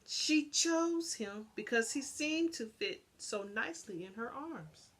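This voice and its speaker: A woman reading a children's picture book aloud, telling it in an animated, expressive way. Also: a little high, measured pace, few pauses. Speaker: storybook reader.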